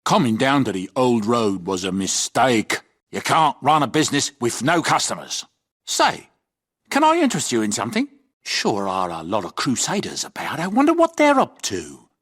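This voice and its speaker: A man's voice: mid-range voice, huge pitch swings, moderate pace, a bit bright, husky, exaggerated voice. An actor playing a chatty, scheming male merchant with folksy salesman patter in a game. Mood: wheedling.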